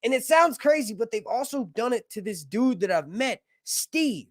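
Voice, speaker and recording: A man's voice: very high-pitched, sing-song, moderate pace, no echo, clean studio sound. A man hosting a casual live stream, reading viewer messages aloud and chatting with lots of laughs and energy. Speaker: livestream host.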